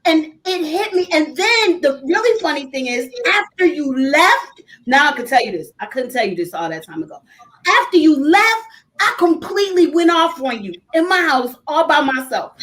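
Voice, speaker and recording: A woman's voice: sits high, very animated, moderate pace, a bit bright, poor audio. A middle-aged woman hosting a casual talk show, telling candid stories with frequent laughter. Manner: candid storyteller who laughs often. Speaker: host.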